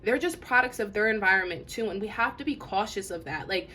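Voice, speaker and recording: A woman's voice: mid-range voice, animated, brisk, sharp tone, a little hiss or hum. Earnest rambling woman tarot reader. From Detroit area. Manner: rambling, earnest, many restarts and fillers. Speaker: spiritual advisor doing a tarot reading. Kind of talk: casual tarot reading to camera.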